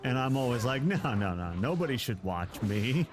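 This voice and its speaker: A man's voice: mid-range voice, big pitch swings, moderate pace, noisy background. A man streaming a game live, chatting with viewers and joking around. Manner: playful, joking, laughs often. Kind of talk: casual live gameplay commentary.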